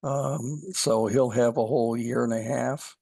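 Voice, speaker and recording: A man speaking as a guest commentator on a podcast, halting and full of fillers, telling dry jokes. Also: mid-range voice, fairly even intonation, gravelly, dark tone, no echo. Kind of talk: casual podcast chat.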